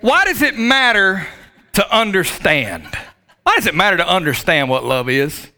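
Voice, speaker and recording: A man's voice: high-pitched, sing-song, normal speed, bright, forceful tone. A man preaching a sermon as pastor to his church, joking and talking straight to the congregation. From Southern United States. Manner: joking, talks to the congregation directly. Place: church sanctuary with live audience.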